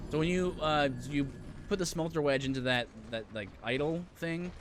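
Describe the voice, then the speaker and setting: A man's voice: a little high, normal speed, noisy background. A man streaming a video game live, chatting casually and answering viewers' messages as he plays. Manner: chatty, reads and answers viewer chat, frequent fillers. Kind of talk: casual live-stream chat while playing.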